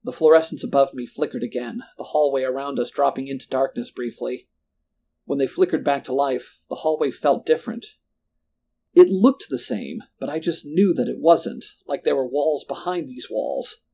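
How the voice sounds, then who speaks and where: A man's voice: medium pitch, moderate pace, creaky, warm tone. Man telling a first-person horror story. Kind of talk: scripted horror narration.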